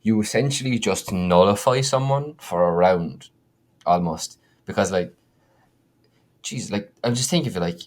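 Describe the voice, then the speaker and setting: Brief: male podcast co-host, very deep voice, animated and easygoing. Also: normal speed. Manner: laughs easily, animated storytelling. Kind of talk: casual chat about tabletop games.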